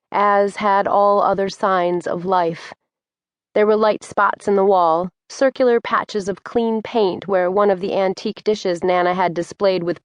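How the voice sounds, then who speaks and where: Brief: woman audiobook narrator, mid pitch, steady descriptive storytelling, dry. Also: no room sound. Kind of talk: scripted narration.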